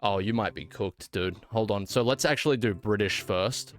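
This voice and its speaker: A man's voice: on the low side, normal speed, faint music behind. A man with an Australian accent streaming a game, chatting casually and playfully with a mock-indignant edge. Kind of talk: casual live-stream chat while gaming.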